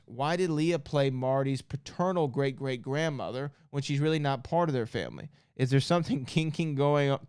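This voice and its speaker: A man hosts a casual podcast, reading questions and answers aloud and mixing in offhand comments. His voice is smooth and resonant, at a middle pitch. The sound is close and dry, with no room echo. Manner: reads aloud with chatty asides and self-corrections. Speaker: podcast host.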